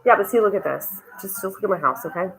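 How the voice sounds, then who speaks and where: A woman's voice: medium pitch, animated, fast talker, creaky, slight background noise, low-quality recording. A woman rambling and swearing freely in a casual home vlog, walking around a cluttered house as she films on her phone. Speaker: vlogger.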